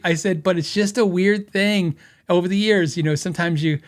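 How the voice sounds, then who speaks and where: A podcast host from the western United States tells a story in a loose, rambling way at a brisk pace. His voice is fairly high for a man. He restarts sentences and laughs often as he talks.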